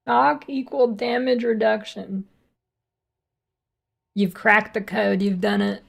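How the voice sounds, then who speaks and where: A woman's voice: mid-range voice, slow, creaky, slightly rough. A woman streaming a game, chatting casually and teasing her viewers with jokes. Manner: joking, teasing chat banter.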